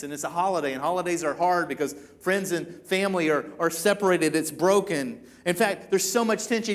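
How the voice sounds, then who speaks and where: A man preaching to a church congregation, talking in a casual, conversational way and acting out the quoted lines. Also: high voice. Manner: conversational, acts out quoted lines, many repeats. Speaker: pastor. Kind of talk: sermon.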